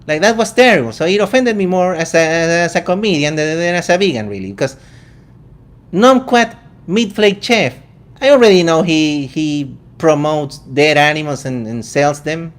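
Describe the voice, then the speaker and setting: With a fairly high, expressive voice, the vegan channel host from Venezuela speaks in his Venezuelan accent on a relaxed commentary show. He's incredulous and jokey, firing off quick asides.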